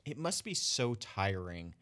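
Low-voiced man rambling in casual chat. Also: sing-song, a little slow, a bit bright. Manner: rambling, hedging with likes and I-means.

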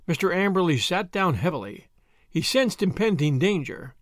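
Man narrating, animated pitch, slightly high, measured. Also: no echo, clean studio sound. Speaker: audiobook narrator. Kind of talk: scripted narration.

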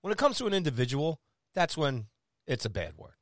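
Playful co-host with lively pitch swings. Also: male voice. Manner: playful, chiming in with quick asides. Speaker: podcast co-host. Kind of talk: casual sports chat.

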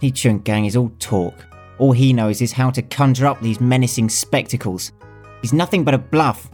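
A man's voice: a little high, very animated, normal speed, a little mellow, soft background music, voice pushed up. A pert young servant boy in a storybook tale, voiced by a man. The voice is lifted well above a grown man's, with an airy, changed tone. He is mouthy and cheeky.

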